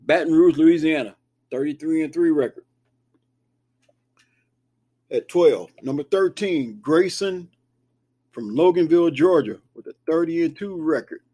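A man's voice: a little high, animated, measured pace, long pauses, warm tone. A man hosting a casual sports talk show, reading down a rankings list with chatty asides. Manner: conversational, reads list with asides. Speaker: show host. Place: Kansas, near Wichita.

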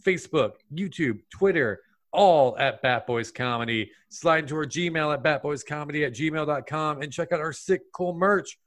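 Male comedy podcast host, casual and quick with plugs. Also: fairly high pitch, fairly bright tone. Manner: breezy, rattling off plugs.

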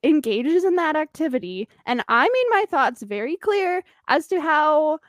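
A woman's voice: sits high, very animated, measured pace, no room sound, clean studio sound. A woman co-hosting a podcast, chatting casually with a giggly manner and lots of fillers. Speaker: podcast co-host. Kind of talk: casual chat.

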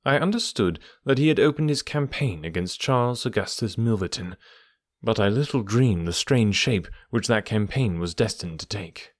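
Man, audiobook narrator, lowish voice, steady even delivery, dry close sound. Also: moderate pace, no room sound.

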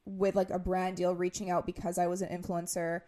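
A woman's voice: on the low side, flat delivery, a little fast, dark tone. A woman in her twenties co-hosting a podcast, telling stories in casual chat and full of "like". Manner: chatty storytelling, heavy use of "like"; acts out quotes in raised voices. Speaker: podcast co-host.

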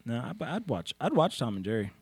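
A man co-hosting a comedy podcast, chatting in a silly, giggly way and tripping over his words. His pitch jumps wildly, from low grumbles up to high squeaks. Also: very animated, brisk, husky, dry recording. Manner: silly, laughing, stammering restarts. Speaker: podcast co-host. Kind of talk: casual comedy chat.

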